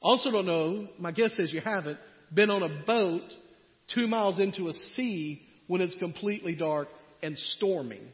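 A man preaching a sermon in a conversational way, his voice swinging between loud and quiet. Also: high voice, moderate pace. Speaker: pastor. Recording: muffled sound in a reverberant hall.

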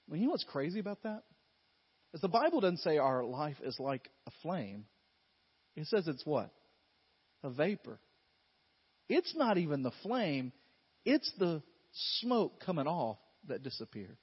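A man preaching a sermon to his congregation, his delivery swinging from loud emphatic bursts to quiet, intimate storytelling. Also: a little high, very animated, unhurried, long pauses, slightly rough, lo-fi sound. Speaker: pastor.

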